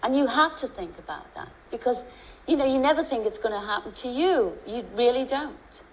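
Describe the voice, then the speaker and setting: A woman's voice: a little high, lively intonation, a little fast, rough recording. A middle-aged woman with a Liverpool accent, a chat-show guest who talks in a chatty, storytelling way with many restarts and asides.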